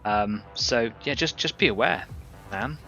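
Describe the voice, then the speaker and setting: A man's voice: mid-range voice, animated, a little slow, gravelly, bright, forceful tone, soft background music. A man hosting a live painting stream, talking casually and rambling as he works and greets viewers from the chat.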